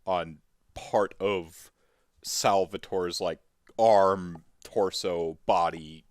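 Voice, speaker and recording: Low-voiced man running a tabletop game. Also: fairly even intonation, no room sound, clean studio sound. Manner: halting, full of fillers and restarts. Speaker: game master.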